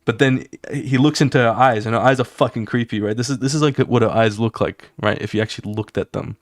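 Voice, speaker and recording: Animated male streamer with a dry mic. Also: mid-range voice, no room sound. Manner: animated, fast, swearing, sound effects. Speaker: artist streaming his drawing. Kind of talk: casual walkthrough of his comic pages.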